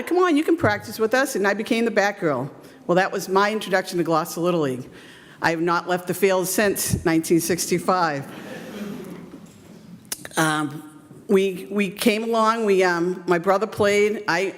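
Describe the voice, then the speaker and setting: A woman in her fifties tells baseball stories from a podium, chatty and self-deprecating, with plenty of ums and restarts. Her voice carries a long reverb from a big hall. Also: medium pitch. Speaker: youth baseball coach giving a speech. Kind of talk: storytelling speech at an event.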